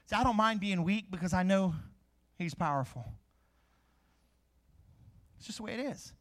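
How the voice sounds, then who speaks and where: High-voiced preaching man. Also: lively intonation, normal speed, long pauses, a bit bright. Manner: preaching with rhetorical questions and answers. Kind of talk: sermon.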